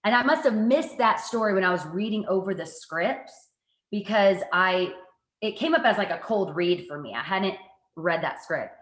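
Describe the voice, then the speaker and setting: Animated woman telling stories, echoey room. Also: mid-range voice, normal speed. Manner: lively, animated storytelling with self-mocking asides. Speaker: guest, TV reporter and anchor. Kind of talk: casual interview storytelling.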